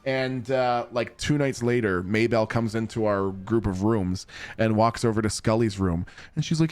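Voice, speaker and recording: A man's voice: lowish voice, moderate pace. A man streaming from home, telling a long rambling story to his chat in a casual way.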